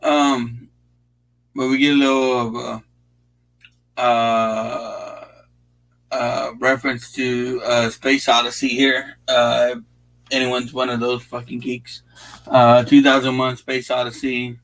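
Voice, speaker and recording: A man's voice: medium pitch, little pitch movement, takes it slowly, long pauses, a bit bright, low-quality recording. Laid-back man swearing through movie commentary. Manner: profane, rambling, laid-back with frequent fillers. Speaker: watch-along host.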